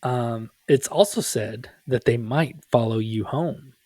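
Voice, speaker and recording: A man's voice: mid-range voice, slow, darkish tone, dry recording, clean studio sound. A man co-hosting a casual podcast, chatting in a joking way with goofy asides and frequent laughs. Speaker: podcast co-host. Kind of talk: casual chat.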